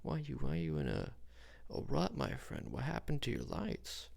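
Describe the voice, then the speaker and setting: A man voicing a jolly old Santa with booming ho-ho-hos inside a whispered role-play. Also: huge pitch swings, moderate pace, gravelly, a little mellow, heavily acted.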